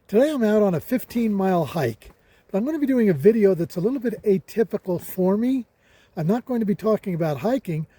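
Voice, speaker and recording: An older man with a high, husky voice talks about a budget knife while out on a hiking trail. He speaks casually and with emphasis, often repeating a word for stress. His tone is mellow and the sound is dry. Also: no echo. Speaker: hiking vlogger. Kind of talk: casual outdoor gear review.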